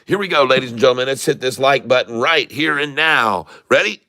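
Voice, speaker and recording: A man's voice: medium pitch, fairly quick, pushed and bright. A middle-aged man hosting a live day-trading stream, upbeat, greeting viewers and reading out their chat messages. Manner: upbeat, reads out viewer comments, hypes the audience. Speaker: day-trading livestream host.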